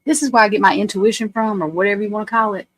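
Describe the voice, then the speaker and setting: A woman in her 40s hosts a livestream, speaking rapid-fire in a medium-pitched, fairly even voice over poor audio. She chats casually with her viewers, telling rambling, blunt, profane stories.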